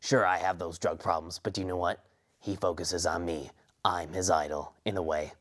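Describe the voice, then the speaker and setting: A smug, arrogant young male duelist brags about always winning, as a young man puts him on. The voice sits very low and deep. It has the easy, self-satisfied delivery of a comedy parody. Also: level tone, normal speed, a bit bright. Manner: smug, bragging.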